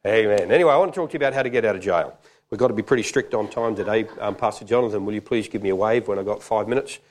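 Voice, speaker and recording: A man preaching a jokey, conversational sermon. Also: lowish voice.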